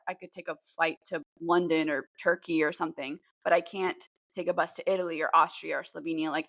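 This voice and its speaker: A woman's voice: on the low side, a bit bright, no room sound. A woman in her twenties, co-hosting a podcast with her mother and chatting casually with many "like"s and "um"s. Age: 20s. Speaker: podcast co-host. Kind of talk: casual chat.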